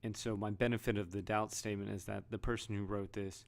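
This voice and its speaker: A man talks through his thoughts in a loose, rambling vlog. His voice sits fairly low, with a gravelly fry, and he often restarts his sentences and reads headlines aloud. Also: flat delivery, fast. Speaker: vlogger. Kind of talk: casual commentary.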